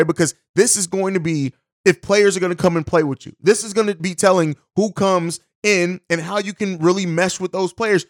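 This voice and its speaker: A man's voice: sits high, dry recording, studio quality. A man hosting a basketball podcast, giving blunt, opinionated solo commentary with casual swearing and frequent restarts. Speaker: podcast host.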